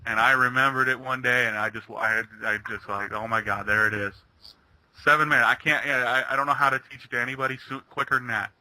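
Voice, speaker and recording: A man's voice: mid-range voice, fairly even intonation, quick pace, sharp tone, low-quality recording. A man chatting casually and retelling a cartoon plot, rambling with many restarts. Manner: rambling storyteller, stumbling restarts. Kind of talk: casual chat.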